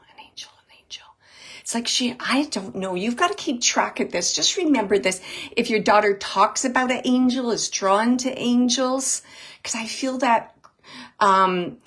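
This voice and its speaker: A woman working as a psychic medium, giving a live reading in a soft, hesitant way, with many pauses, and repeating words as she relays messages. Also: mid-range voice, husky. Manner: repeats words and phrases for emphasis. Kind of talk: live spirit reading for an audience member.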